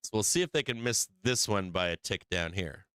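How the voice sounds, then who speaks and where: A man's voice: on the low side, lively intonation, brisk, a bit bright, clean tone, dry recording. A man hosting a live stock market stream, commenting casually on charts, laughing often, swearing and teasing his chat. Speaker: stock market livestream host.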